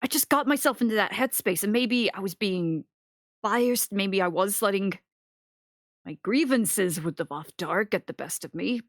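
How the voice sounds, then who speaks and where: A woman speaking in character during a tabletop game, hesitant and sighing, with many pauses. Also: mid-range voice, lively intonation, dry recording, clean studio sound. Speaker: player. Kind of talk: in-character tabletop role-play.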